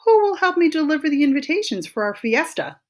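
A woman's voice: on the high side, big pitch swings, unhurried, fairly bright tone, pitched above the performer's own voice, exaggerated voice. A woman doing a fed-up storybook iguana. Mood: exasperated. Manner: eager, then exasperated, emphatic. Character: hardworking, fed-up female iguana. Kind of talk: storybook read-aloud.

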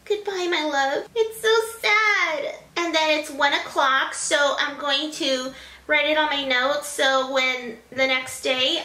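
Bubbly high-voiced young woman vlogging. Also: bright, forceful tone, echoey room. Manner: bubbly and chatty, with small sighs and laughs. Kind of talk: casual vlog talk to camera. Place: at home, indoors. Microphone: handheld camera.

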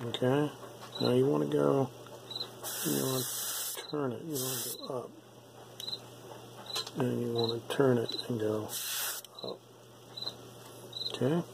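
Gravelly guy slowly walking you through painting, keeps saying okay, noisy recording. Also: mid-range voice. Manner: relaxed, repeats himself, says "okay?" often. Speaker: miniature painting instructor. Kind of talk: casual step-by-step tutorial.

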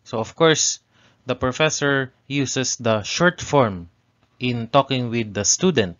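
A man teaching a language lesson, explaining grammar and repeating example phrases slowly with exaggerated intonation. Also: mid-range voice, a bit bright, lo-fi sound. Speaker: Japanese language tutor.

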